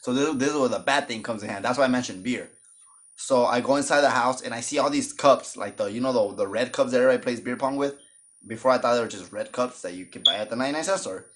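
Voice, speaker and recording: A man telling a storytime vlog in a casual, jokey way. He is animated and keeps acting out the voices of the people in his story. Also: mid-range voice, fast talker. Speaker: storytime vlogger.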